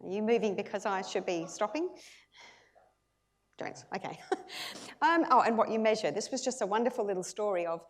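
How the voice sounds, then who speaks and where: A middle-aged Australian woman giving a conference keynote, lively and chatty, laughing often and restarting her sentences. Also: mid-range voice, a little fast, long pauses. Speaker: keynote speaker. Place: conference hall.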